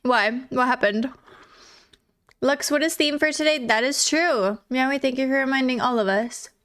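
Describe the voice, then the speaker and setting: A woman's voice: high-pitched, normal speed, fairly bright tone. A woman streamer in casual live chat, giggly and chatty, reading and answering chat.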